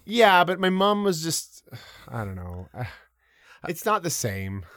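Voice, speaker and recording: A man telling personal stories as a guest in a casual interview. He talks in an animated way, with a lot of fillers and some casual swearing. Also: on the high side, takes it slowly, no room sound, studio quality. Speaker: podcast guest. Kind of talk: casual storytelling.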